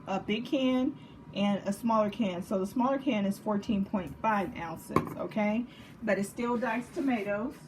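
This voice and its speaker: A woman's voice: medium pitch, slight background noise. Chatty Texan woman cooking at home. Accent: Texas. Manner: chatty, jokey, checks in with "okay?" and "right?". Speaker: home cook. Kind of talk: casual cooking demonstration. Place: home kitchen.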